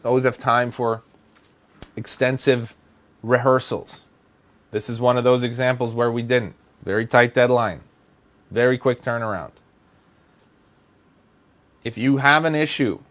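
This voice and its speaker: A man giving acting advice in a blunt, exasperated rant, hammering points with repetition. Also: mid-range voice. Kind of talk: direct-to-camera advice rant.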